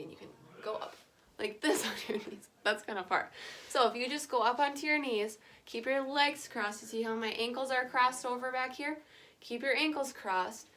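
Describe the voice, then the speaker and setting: Bright-voiced young woman leading kids' yoga. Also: on the high side. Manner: playful, encouraging, speaks simply to children. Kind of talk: guided kids' yoga lesson.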